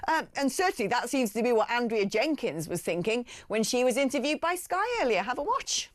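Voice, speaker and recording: A woman hosting a talk radio show, reading messages and giving her views in an animated, scornful way. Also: a little high, a little fast, a little hiss or hum.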